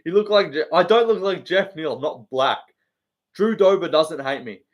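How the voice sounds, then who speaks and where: A young man with an Australian accent chats through a live stream, reading viewer comments and firing back jokes. His voice sits a little high for a man, and the talk is loose and full of slang and swearing. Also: moderate pace, highs cut off.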